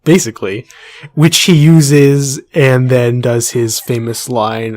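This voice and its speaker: A man's voice: mid-range voice, fairly even intonation, slow pace, darkish tone, no room sound. A young man co-hosting a casual podcast, teasing his co-host and steering the segments. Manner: playful, teasing, runs the segment.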